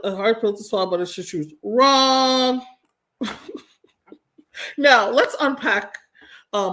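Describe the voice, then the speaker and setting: A woman's voice: on the high side, fairly bright tone. A woman hosting a livestream, reading out chat comments and giving casual commentary, blunt and exasperated, and she swears freely. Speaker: livestream host. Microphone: home streaming mic.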